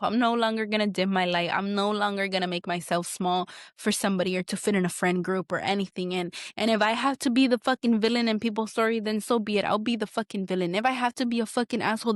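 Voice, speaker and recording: A woman's voice: medium pitch, fast, no room sound, clean studio sound. A woman, hosting a candid solo podcast, talking bluntly and heatedly and swearing often. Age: 20s. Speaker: podcast host.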